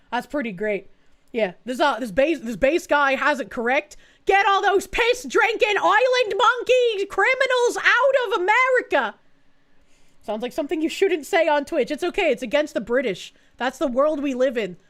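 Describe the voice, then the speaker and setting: A woman's voice: high-pitched, lively intonation, fairly quick. A woman from Boston streaming live, reacting to clips with crude jokes and reading out chat messages. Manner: crude, joking, reads chat messages aloud.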